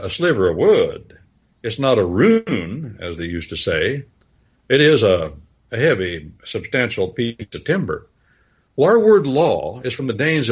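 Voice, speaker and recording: A husky, lowish male voice gives folksy Bible teaching, wandering into stories and spelling words out loud. His pitch swings widely as he talks. The recording sounds dull and lo-fi. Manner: rambling storytelling with spelled-out words. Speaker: preacher.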